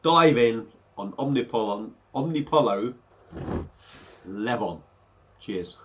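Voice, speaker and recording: A man's voice: medium pitch, lively intonation, takes it slowly, a bit bright, slight background noise. A man talking casually through a beer review, a little under the weather, rambling with hesitant fillers.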